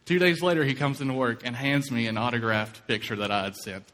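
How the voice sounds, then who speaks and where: A man's voice: medium pitch, steady tone, fast, hardly any pauses, fairly bright tone. A man from Kentucky preaching a sermon, telling a story and acting out quoted voices. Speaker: pastor. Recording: long hall reverb.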